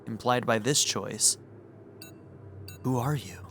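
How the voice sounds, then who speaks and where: A man's voice: medium pitch, slow, background noise. A man in his thirties giving joking, casual commentary while he plays a video game. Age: 30s. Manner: joking, wry running commentary. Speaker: game streamer.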